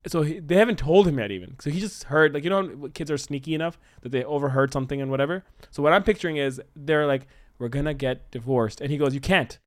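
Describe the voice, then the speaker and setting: Animated man pitching story ideas. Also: quick pace. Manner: animated, acts out characters' lines mid-pitch. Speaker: co-host brainstorming a story. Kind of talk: casual creative brainstorm.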